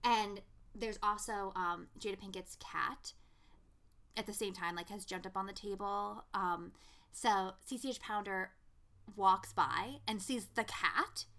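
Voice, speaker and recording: A young woman co-hosting a podcast, chatting casually in an animated, profane way, full of "like.". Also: medium pitch, measured pace. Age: young adult. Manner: animated, profane, heavy use of "like". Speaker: podcast co-host. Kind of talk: casual chat.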